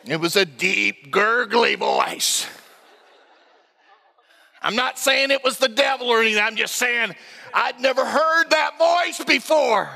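A male pastor preaching a sermon, telling a comic story with laughter and animated storytelling. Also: very high voice, a little slow, vocal fry, long reverb tail. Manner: storytelling, animated, self-mocking, laughing through stories.

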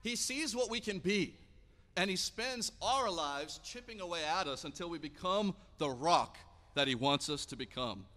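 A man's voice: fairly high pitch, animated, moderate pace, sharp tone. A man preaching a sermon as pastor, telling Bible stories and acting out the dialogue in a casual, conversational way. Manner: storytelling preacher, acts out biblical dialogue casually. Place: church sanctuary. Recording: long hall reverb.

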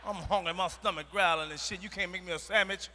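A man performs stand-up on a large arena stage with a strikingly high voice. His delivery is loud, profane and emphatic, breaking into shouts. The sound rings with the long reverb of the arena, and there is a faint murmur behind him. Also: steady tone, fast, slight background noise. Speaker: stand-up comedian. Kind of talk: stand-up routine.

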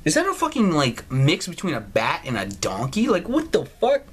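A man hosting a gaming channel, doing loud, profane let's play commentary with lots of incredulous outbursts. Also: fairly high pitch, wildly swooping pitch, normal speed, slightly rough. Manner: loud, swearing, incredulous, laughs a lot.

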